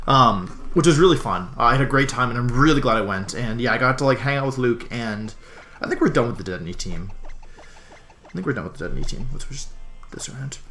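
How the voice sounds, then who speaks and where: A man's voice: medium pitch, fairly bright tone. A young man from Washington, D.C. chatting casually over a Pokémon match, rambling with lots of ums and self-interruptions. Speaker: Pokémon game streamer. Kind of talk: casual game commentary.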